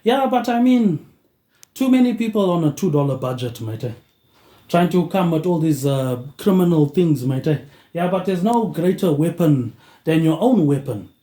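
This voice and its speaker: A man's voice: fairly high pitch, expressive, normal speed, mellow, echoey room. A man hosting his own show in a rambling monologue, tagging lines with "mate, eh" in a dropping tone. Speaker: podcast host.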